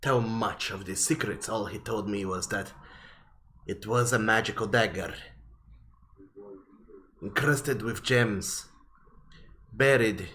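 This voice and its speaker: A man voicing a young male dragon in a tabletop game, speaking slowly and deliberately. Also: fairly bright tone, slight background noise. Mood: musing. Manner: slow, low and deliberate.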